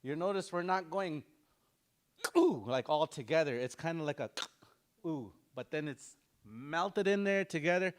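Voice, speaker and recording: A man leads a language lesson with a somewhat high voice. He explains slowly and repeats each sound aloud so the class can practice. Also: clean tone. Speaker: language teacher.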